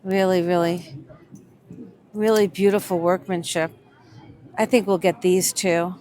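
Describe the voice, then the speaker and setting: Slow, gushing woman at a market. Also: on the low side, steady tone, darkish tone. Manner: gushing, enthusiastic, admiring. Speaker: vlog co-host shopping a market. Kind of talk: casual on-location commentary. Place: winter market.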